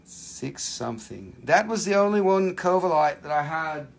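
Animated and speaking at normal speed, this man has a fairly high voice with vocal fry. He's a gem seller chatting loosely on a home livestream, wandering off topic, cursing, and laughing easily.

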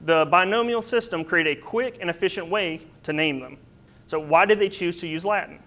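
A man's voice: high-pitched, normal speed, fairly bright tone. A man presenting a slide lecture on plant names, explaining patiently with occasional fillers and small asides. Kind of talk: slide-based botany lecture.

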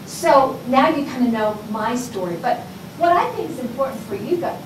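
A woman's voice: sits high, animated, normal speed. A Texas-raised woman in her sixties, a college instructor who gives an informal, rambling public lecture and talks straight to her audience. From Texas, USA. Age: 60s. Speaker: college instructor giving a talk. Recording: echoey room, distant mic, background noise.

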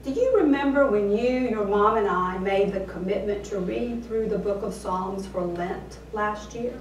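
A woman doing a gentle, encouraging dad. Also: mid-range voice, a little slow, dull audio, slight background noise, natural voice. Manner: warm, fatherly coaxing. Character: gentle, encouraging father of a teenage girl. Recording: roomy sound, voice from far off.

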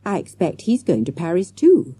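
A woman reading an audiobook, voicing an eager, clever schoolboy sleuth in a quick, excited boyish way. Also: fairly low pitch, husky, no echo, full character voice. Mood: puzzling.

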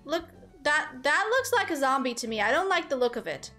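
Brisk and animated, this gaming streamer has a voice that sits high, with faint music behind her. Her casual gameplay commentary mixes chatting with her viewers and reading game lines out loud.

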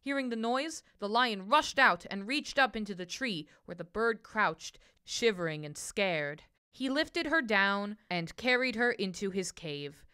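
A woman reads a children's picture book aloud in a bright, clear voice, telling the story gently and expressively with a lot of up-and-down movement in her pitch. She gives each line its own colour. Her delivery is unhurried yet has hardly any pauses.

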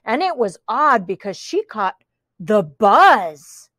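A woman reading a picture book aloud to children, animated, with chatty asides and playful sound effects. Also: mid-range voice, slow pace, no echo, clean studio sound. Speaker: storybook reader.

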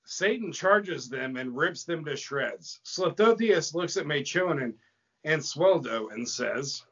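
A man co-hosting a podcast, narrating a comedy horror script in an animated storytelling manner. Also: on the high side, slow, slightly rough. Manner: animated storytelling, breaks into laughter. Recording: dull lo-fi podcast audio.

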